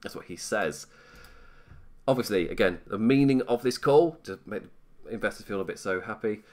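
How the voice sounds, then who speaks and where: A man's voice: on the low side, normal speed. A British man hosting a live stream, commenting casually in a rambling, self-mocking way and laughing often.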